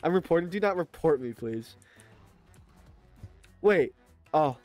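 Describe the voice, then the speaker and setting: A man streaming a video game live, talking to his chat in a chatty, excitable way. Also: a little high, measured pace, long pauses, dry recording, soft background music. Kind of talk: live gaming stream commentary.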